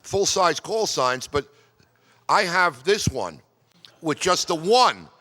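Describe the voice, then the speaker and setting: A man voicing a polite, cordial king speaking on a radio call, with an unusual foreign accent and a measured, gracious manner. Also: fairly high pitch, big pitch swings, bright, forceful tone, pitched above the performer's own voice, heavily acted. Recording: long reverb in a hall.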